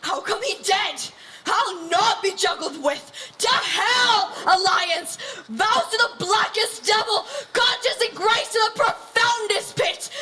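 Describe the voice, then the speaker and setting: A woman acting a furious young nobleman in a Shakespeare staging, shouting defiant threats of revenge. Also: very high-pitched, full character voice.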